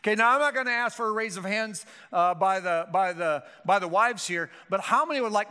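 A man's voice: high voice, a little fast, few pauses, bright, forceful tone, smooth. A male pastor preaching a sermon with emphatic, rhetorical delivery and frequent restarts. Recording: hall reverb.

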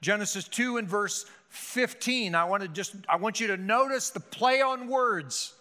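A man's voice: high-pitched, measured pace, pushed and bright. A male pastor preaching a sermon with emphatic, rhetorical delivery and frequent restarts. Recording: hall reverb.

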